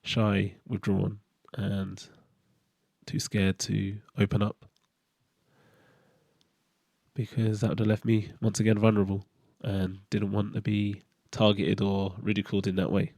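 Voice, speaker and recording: A middle-aged man with a low, gravelly voice talks through his past in a candid, halting monologue. His tone is dark and mellow, and the sound is close and dry. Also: flat delivery, dry recording. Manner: candid, hesitant, with frequent fillers and restarts. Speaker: podcast host. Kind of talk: reflective personal monologue.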